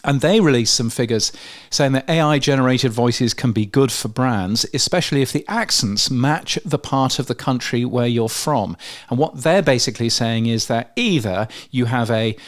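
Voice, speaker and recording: A man's voice: mid-range voice, normal speed, hardly any pauses. A man with a London accent co-hosting a podcast news show, talking through research with lots of ums and restarts. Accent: London English. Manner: hesitant, many fillers and restarts. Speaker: podcast co-host. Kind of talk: casual news chat.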